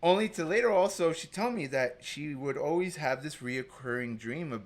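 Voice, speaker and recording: A man's voice: a little high, animated, moderate pace, few pauses. A man telling a personal story as a guest, rambling and packing his talk with filler words. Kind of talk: casual storytelling.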